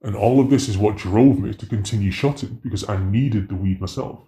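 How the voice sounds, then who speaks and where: A man tells his story in an interview, slangy and animated, acting out every exchange. His voice is low and mellow and carries the echo of a roomy space. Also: fairly quick. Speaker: interviewee, former drug dealer.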